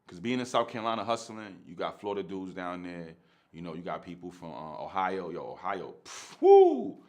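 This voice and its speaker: A man's voice: low-pitched, fairly quick, fairly bright tone. A man, telling a story in casual, slangy street talk and laughing often.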